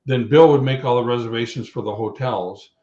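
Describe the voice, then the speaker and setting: A man in his sixties spins loose, lively stories, slipping into other people's voices as he goes. His voice sits at an ordinary pitch. It comes through a roomy, echoey line with a muffled, dull tone. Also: a little fast, a little hiss or hum. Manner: rambling, animated storyteller who acts out quotes. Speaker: guest, retired pro wrestler. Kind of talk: anecdotal storytelling. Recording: echoey, dull remote call audio.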